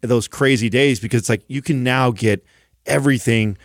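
A man's voice: mid-range voice, normal speed, no echo, clean studio sound. A man hosting a podcast in casual chat. He rambles, restarting his sentences as he goes. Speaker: podcast host.

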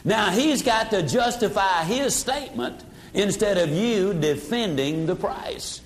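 High-voiced older sales trainer. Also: male voice, animated, a little slow. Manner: dramatic, acts out customer voices, drops voice low for effect. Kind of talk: motivational sales seminar talk.

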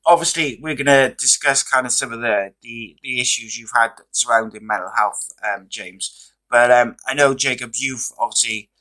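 Bright-voiced man hosting, voice going hoarse. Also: mid-range voice, normal speed, low-quality recording. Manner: relaxed, chatty, many fillers. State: losing his voice. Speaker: podcast host. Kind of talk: casual podcast interview.

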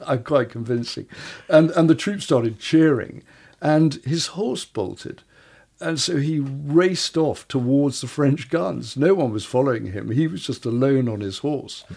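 Gravelly man telling history stories. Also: medium pitch, measured pace, a little mellow. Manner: stammering restarts, storytelling. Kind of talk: casual podcast conversation.

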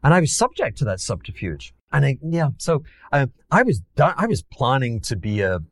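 A man's voice: medium pitch, big pitch swings, normal speed, no room sound. A man from Glasgow with a Scottish accent, a former hedge fund manager who tells anecdotes theatrically and mocks himself. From Glasgow, Scotland. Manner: theatrical, acts out quotes, self-mocking. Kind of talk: animated anecdotal storytelling.

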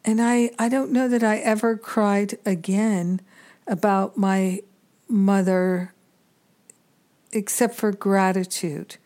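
A woman giving a reflective spiritual teaching talk, measured and earnest, pausing often between thoughts. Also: medium pitch, steady tone, darkish tone.

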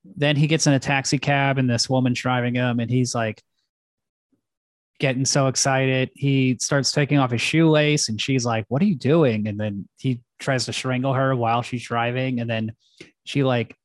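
A man's voice: medium pitch, steady tone, moderate pace, dry recording. Man, podcast co-host, casual rambling retelling, dry close sound. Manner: rambling, full of "like" and restarts. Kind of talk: casual chat, retelling a film plot.

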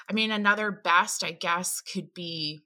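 A woman's voice: fairly low pitch, pushed and bright. A woman with an Appalachian accent, a podcast guest telling a personal story vividly and acting out her own inner voice.

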